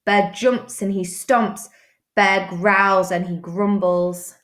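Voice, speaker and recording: A woman teacher reading a children's picture book aloud, slow and expressive. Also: medium pitch. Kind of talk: storybook read-aloud. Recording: roomy echo.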